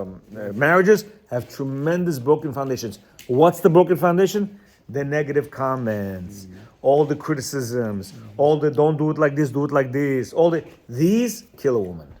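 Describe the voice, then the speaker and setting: A man giving an informal, emphatic lecture on marriage to a class of men, repeating himself and often checking that they understand. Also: fairly high pitch. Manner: repetitive, keeps asking "you understand?"; emphatic, lively, acts out quotes.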